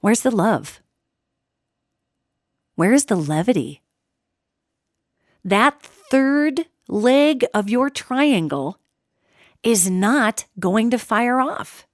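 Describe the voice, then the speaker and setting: A middle-aged woman hosting a solo podcast, talking in an animated, emphatic way and calling her listeners "gang". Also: fairly high pitch, very slow, pauses often, no room sound, clean studio sound. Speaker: podcast host.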